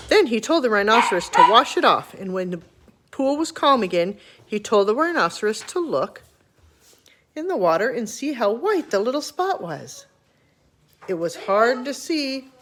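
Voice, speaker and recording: An older woman reading a children's chapter book aloud, her voice rising and falling with lively expression. She tells the story with gentle, animated storytelling. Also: a little high.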